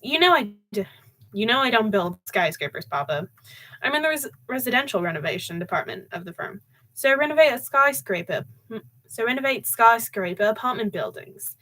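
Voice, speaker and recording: A woman's voice: a little high, lively intonation, a little fast, sharp tone. A young grown son answers his parents earnestly, read by a woman, with a slightly defensive edge. It is a plain storybook voice. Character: young adult son, patient but strained.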